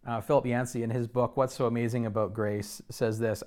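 A man's voice: mid-range voice, little pitch movement, fairly quick, hardly any pauses, a little mellow. A man preaching a sermon, telling personal stories in an earnest way with frequent restarts. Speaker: pastor.

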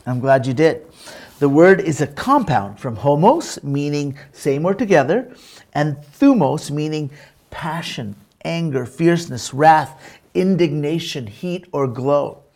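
A man preaching a sermon and telling a story, earnest and unhurried, with pauses, fillers and restarts. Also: fairly high pitch, expressive, darkish tone. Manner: engages remote listeners to repeat words.

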